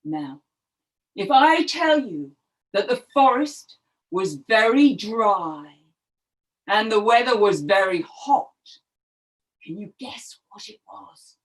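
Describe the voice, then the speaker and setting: A woman storyteller telling a story to young children, expressive and animated, asking them questions as she goes. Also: medium pitch, slow, pauses often.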